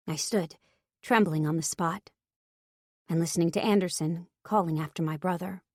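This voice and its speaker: A woman narrating a romance audiobook in first person, with a measured, expressive reading. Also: on the low side, no room sound, studio quality.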